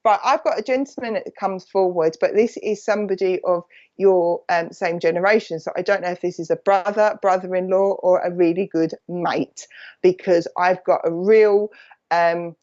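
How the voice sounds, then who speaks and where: Essex woman psychic medium, warm chatty rambler who bounces between thoughts, live stream with slightly dull lo-fi sound. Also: fairly low pitch, steady tone, moderate pace. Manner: chatty and affectionate, calls people "my lovely".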